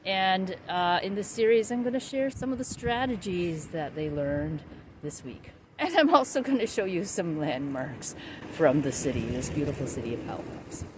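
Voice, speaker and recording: A woman's voice: on the low side, expressive, normal speed. A woman string teacher giving a friendly, explanatory teaching tip outdoors in a city. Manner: friendly, explanatory, with small restarts. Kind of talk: casual teaching tip to camera. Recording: outdoor city noise behind. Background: traffic and street ambience.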